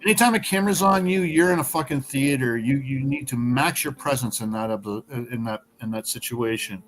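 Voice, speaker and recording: A man from Canada, a podcast guest, talking bluntly in casual conversation with heavy swearing and sudden animated bursts. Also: medium pitch, brisk, soft background music.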